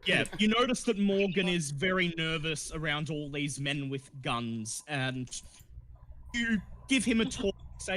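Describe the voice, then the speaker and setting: A man's voice: a little high, expressive, unhurried, fairly bright tone, a little hiss or hum. A man narrating as game master of a tabletop horror game, laughing often between lines.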